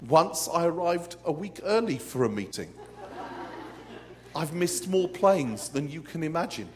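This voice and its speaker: A man's voice: fairly high pitch, very animated, a little slow, a little mellow, a little hiss or hum. A man preaching a live sermon to a conference crowd in a hall, with dramatic, comic storytelling. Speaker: pastor.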